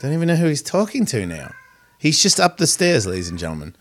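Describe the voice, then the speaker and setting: This podcast host talks quickly in a fairly high, fairly bright voice whose pitch swoops wildly. The casual chat is rambling, profane and easily derailed, taped in his home studio with a pet cat close by.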